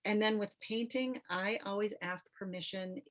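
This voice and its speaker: A middle-aged woman who is an artist and nurse, teaching an online training workshop in a relaxed, conversational way with frequent ums and restarts. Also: mid-range voice, moderate pace, low-quality recording. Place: home or studio, video call. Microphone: computer mic on video call.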